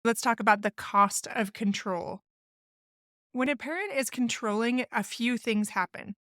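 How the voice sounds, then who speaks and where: A woman's voice: a little high, a little slow, bright, forceful tone, no echo, clean studio sound. A woman therapist hosting a solo podcast, explaining family communication in an earnest, instructive way and acting out sample phrases. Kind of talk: solo podcast advice talk.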